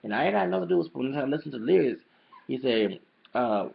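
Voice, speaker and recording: A man rambles emphatically to camera at a quick clip, his voice gravelly and rough. The audio is dull and lo-fi, like a cheap home recording. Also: mid-range voice, lively intonation. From El Paso, Texas. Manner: rambling, emphatic, repeats "you know what I'm saying". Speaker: vlogger. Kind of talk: casual monologue to camera.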